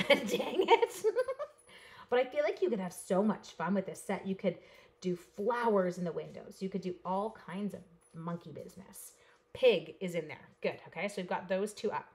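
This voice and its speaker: A woman's voice: on the low side, normal speed, a little mellow. A woman from Canada who chats playfully with viewers while she demonstrates a paper craft project step by step. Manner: chatty, playful, talks straight to viewers. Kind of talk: live crafting demo chat.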